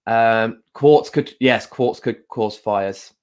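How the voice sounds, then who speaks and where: A man hosting a casual live stream, talking gently with many pauses and fillers and greeting viewers by name. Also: mid-range voice. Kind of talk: casual live-stream chat with card reading.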